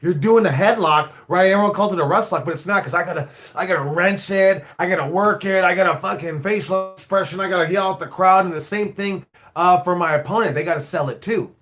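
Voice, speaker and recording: A man's voice: sits high, a little fast, a bit bright. A man who owns and coaches a wrestling school, answering viewer questions in a casual live stream, rambling, repeating himself and swearing now and then.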